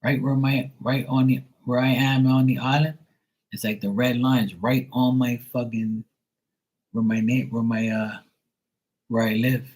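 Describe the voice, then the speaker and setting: A man hosting a casual live stream, cursing freely and joking with viewers, then softly soothing his dog. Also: mid-range voice, flat delivery, unhurried, poor audio. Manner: loose, profane, teasing banter with viewers. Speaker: live stream host reading chat.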